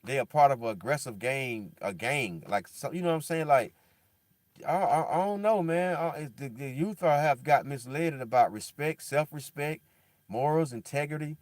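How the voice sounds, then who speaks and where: Speaking at normal speed, a man rambles casually in slang, with "bro" and "dog" coming up again and again. His tone moves between loud, animated outbursts and a low, mournful mutter. The recording is dry.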